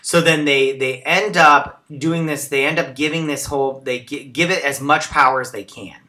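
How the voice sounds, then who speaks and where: A man's voice: a little high, steady tone, normal speed, pushed and bright. A man hosting a casual episode recap and review, chatty and rambling with lots of fillers. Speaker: show recap host.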